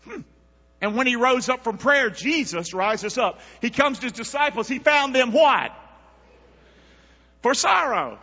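A man preaching a sermon, calling on the congregation to answer back and swinging between loud and hushed. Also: very high voice, sing-song, moderate pace, slightly rough. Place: church. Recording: dull sound with long church reverb.

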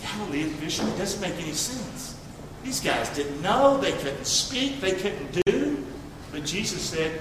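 A man preaching a sermon, reading scripture aloud and calling for responses, swinging from quiet asides to near-shouting. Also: sits high, animated, a little slow, background noise. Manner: reads scripture aloud and calls for congregation response. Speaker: pastor. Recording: echoey hall, distant mic.

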